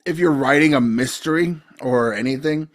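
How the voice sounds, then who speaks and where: A man's voice: mid-range voice, moderate pace. A man casually discussing a movie on a podcast, explaining his points in a matter-of-fact way. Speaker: podcast co-host.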